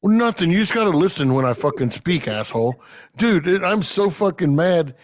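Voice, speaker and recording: A man's voice: a little high, animated, moderate pace. A man in his thirties, a podcast co-host, ranting and joking with lots of swearing in casual sports betting chat.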